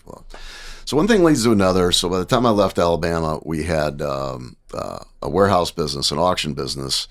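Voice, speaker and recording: A man in his sixties from the American Midwest, telling lively anecdotes as a podcast guest and often checking in with "right?". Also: sits low, brisk. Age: 60s. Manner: animated anecdotes, acting out dialogue, frequent "right?". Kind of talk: casual storytelling.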